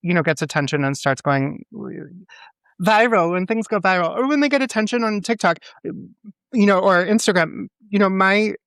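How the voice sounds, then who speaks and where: A man with a high voice co-hosts a casual podcast chat. He talks with animated energy, swears freely and doubles up his words for emphasis. The sound is close and dry. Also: moderate pace, clear, resonant tone, no echo. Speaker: podcast co-host; teacher.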